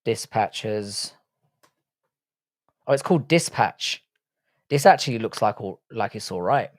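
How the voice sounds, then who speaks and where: This young streamer, Irish by birth but London-raised with a London accent, reads out chat messages and responds in a blunt, sardonic, foul-mouthed way. He speaks at a measured pace in a fairly low, expressive voice.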